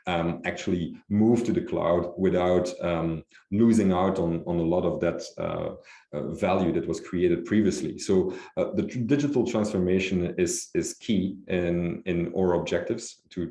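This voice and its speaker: A man, a company executive, answering interview questions in a measured way with frequent fillers and restarts. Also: low voice, warm tone, roomy sound. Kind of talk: business interview.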